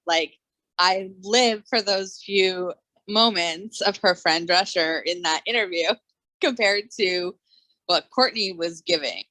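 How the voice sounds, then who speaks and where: Bright-voiced woman, quick casual chat. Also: medium pitch, no echo, rough recording.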